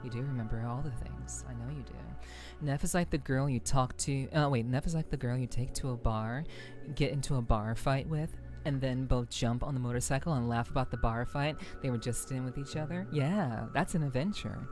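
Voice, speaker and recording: A woman's voice: rumbling low, brisk, a little mellow, faint music behind. A woman streamer chatting casually with viewers, rambling, swearing freely and laughing often. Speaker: livestreamer. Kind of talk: casual livestream chat with viewers.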